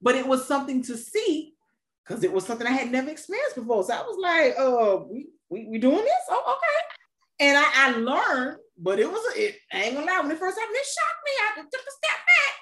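Woman host of a casual talk show, animated and expressive, lively pitch. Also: fast talker. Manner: animated, laughs easily, expressive pitch swings. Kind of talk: casual conversation.

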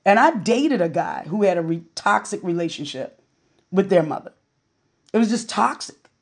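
A woman's voice: mid-range voice, animated, moderate pace, husky. A woman hosts a relationship podcast alone, speaking in a candid, storytelling way. She talks casually and openly, with a mid-range voice. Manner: candid, storytelling, conversational with fillers. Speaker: podcast host. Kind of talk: casual personal monologue.

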